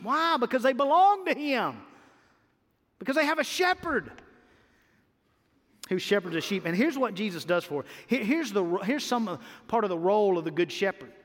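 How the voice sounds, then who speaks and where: A man's voice: high-pitched, very animated, moderate pace, fairly bright tone. A man preaching a sermon with emphatic delivery, repeating key words and rising on his refrains. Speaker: pastor. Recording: hall reverb.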